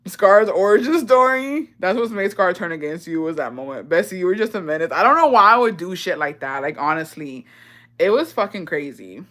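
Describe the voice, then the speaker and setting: A woman's voice: on the low side, animated, fairly quick, a bit bright. A young woman vlogger telling embarrassing childhood confessions in casual, profane slang, often breaking into laughter.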